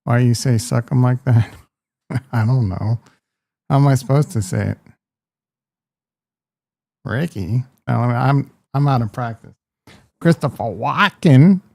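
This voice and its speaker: A man's voice: medium pitch, a little slow, vocal fry, long pauses, mellow, dry recording. A man hosting a live stream, talking in a crude, joking, rambling way. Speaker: host. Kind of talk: casual live-stream chat.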